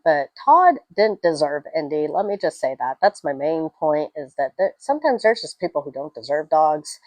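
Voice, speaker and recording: A young woman talks through a film review in a loose, rambling way, drifting into stories and tangents. Her voice sits a little low. The sound is dry and close, with no room around it. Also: no room sound, dull audio. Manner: chatty, rambling, animated storytelling with tangents. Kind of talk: casual spoken film review.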